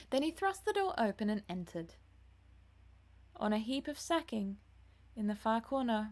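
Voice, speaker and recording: A woman's voice: medium pitch, darkish tone. A woman reading a classic novel aloud with enthusiasm, adding self-deprecating asides. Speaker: audiobook reader, streamer.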